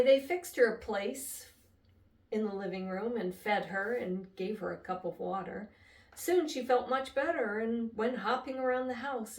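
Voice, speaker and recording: Grandmother reading a storybook aloud. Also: mid-range voice. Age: older. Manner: expressive, lively storytelling. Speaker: storybook reader. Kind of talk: reading a children's book aloud. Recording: echoey room, voice from a distance.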